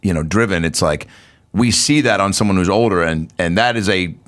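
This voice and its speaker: A man in casual podcast chat, tossing off quick jokes as a comedian guest. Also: sits low, a bit bright. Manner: quick jokey banter.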